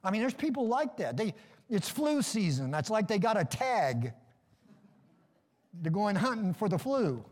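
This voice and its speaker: A man's voice: high-pitched, very animated, a little slow, pauses often, a little mellow, big-room sound. A middle-aged man preaching a sermon in a folksy, joking way, calling for amens. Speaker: pastor.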